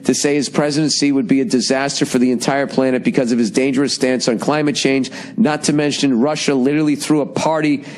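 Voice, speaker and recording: Sarcastic, profane podcast host. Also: male voice, medium pitch, fairly even intonation, quick pace, hardly any pauses. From United States. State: strained, cracking voice. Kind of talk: casual monologue.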